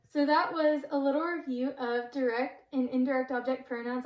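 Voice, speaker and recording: A young woman tutoring, explaining a grammar lesson step by step and slowing down to spell out each example. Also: high-pitched, darkish tone, roomy sound, low-quality recording. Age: young adult.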